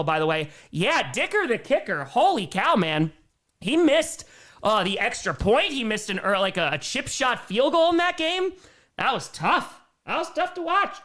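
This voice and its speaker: A young man hosting a live sports stream, reading out fan donations and messages with energetic, jokey cheering. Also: high-pitched.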